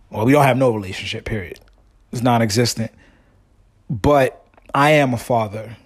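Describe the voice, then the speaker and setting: A man's voice: mid-range voice, a little mellow. Rambling slangy male podcast host. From family from Guyana. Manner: rambling storyteller, slangy, many restarts. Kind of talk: casual solo podcast monologue.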